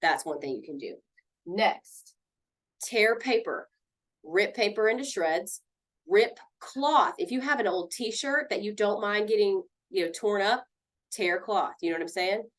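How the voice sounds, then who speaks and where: Lively woman teaching a class. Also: mid-range voice, unhurried. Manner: lively, conversational, acts out quoted friends. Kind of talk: mindfulness lesson to a class.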